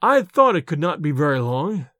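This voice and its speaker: A man's voice: on the high side, big pitch swings, normal speed, pushed and bright, dry recording, studio quality. A man doing an uneasy, overwrought young scholar. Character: shaken young male scholar, hysterical then forced calm.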